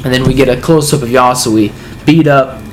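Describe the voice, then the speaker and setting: A man's voice: mid-range voice, normal speed, noisy background. A man casually reading a comic chapter aloud and reacting, sighing and chuckling between remarks.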